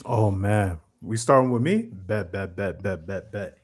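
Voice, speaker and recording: A man's voice: deep voice, unhurried, husky. Blunt, rambling American man. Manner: blunt, rambling, profane trash talk. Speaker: podcast co-host. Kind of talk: casual podcast chat.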